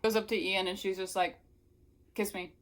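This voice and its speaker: A woman's voice: medium pitch, level tone, fast talker. A young woman recapping a novel in a casual, sarcastic way, mocking the scenes she reads aloud. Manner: sarcastic, mocking, breaks into acted voices. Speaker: book reviewer. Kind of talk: casual book recap with read-aloud passages.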